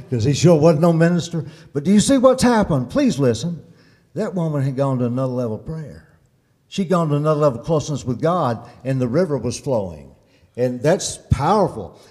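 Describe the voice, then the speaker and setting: Dark-voiced preacher in a hall. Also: male voice, medium pitch. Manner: animated preaching, swinging between loud emphasis and hushed tones. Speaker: pastor. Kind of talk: sermon storytelling. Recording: long reverb of a large hall.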